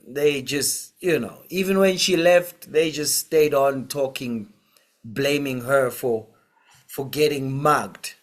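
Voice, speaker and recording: A man's voice: mid-range voice, slow. A man vlogging, retelling a street crime he witnessed in a casual storytelling way, acting out quoted voices as he goes.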